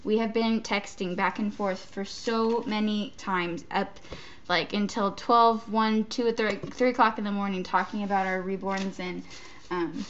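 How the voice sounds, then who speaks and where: A woman's voice: mid-range voice, highs cut off. A woman chatting casually while opening a gift box, gushing and stammering between giggles. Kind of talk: casual unboxing chat. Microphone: off-camera, not shown.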